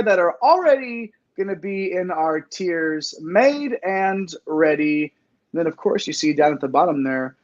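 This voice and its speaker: A man's voice: fairly high pitch, expressive, measured pace, dull audio. A man hosting a casual sports talk show, upbeat and speaking to his live chat viewers. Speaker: podcast host.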